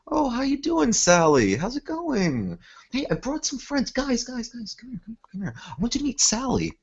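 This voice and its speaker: A man's voice: very high-pitched, sing-song, moderate pace, husky, lo-fi sound, pitched above the performer's own voice, heavily acted. A man playing a chatty, overfriendly fake priest who rambles and fawns. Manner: rambling, fawning, hesitant.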